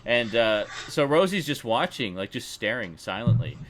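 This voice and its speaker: A man hosting a casual livestream chat, telling an animated story and laughing often. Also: mid-range voice, moderate pace. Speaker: livestream host.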